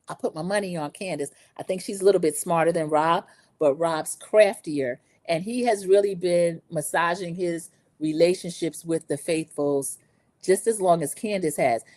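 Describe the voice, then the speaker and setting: A chatty, opinionated middle-aged woman hosts a casual recap, speaking directly to viewers in a medium-pitched, slightly mellow voice. The recording is dry, and she has lived in the American South for over twenty years.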